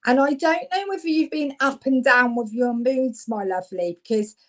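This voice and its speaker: A woman, from Devon, reads cards for viewers on a live stream. Her voice sits a little high, and her talk is chatty and friendly. She gets louder as she gets excited. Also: moderate pace, poor audio. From Devon, England. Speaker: psychic medium giving live readings.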